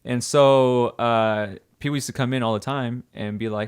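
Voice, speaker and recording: A young man co-hosting a podcast, telling lively work stories with lots of laughter. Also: medium pitch, moderate pace, hardly any pauses, smooth. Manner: animated, laughing storyteller. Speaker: podcast co-host. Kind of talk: casual storytelling chat.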